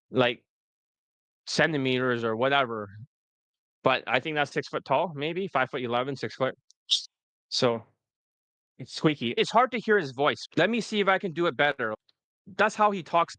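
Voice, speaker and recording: A man's voice: on the high side, a bit bright, no echo. A man coaching on dating in a livestream replay, blunt and profane, with a loose and rambling delivery.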